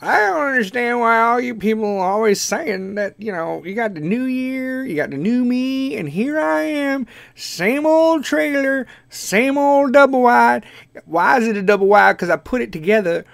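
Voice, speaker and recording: A man's voice: very high-pitched, lively intonation, moderate pace, vocal fry, fairly bright tone, no echo, pitched above the performer's own voice, exaggerated voice. A man doing a drawling old country grandpa. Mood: folksy. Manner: drawling, rambling folksy boasting.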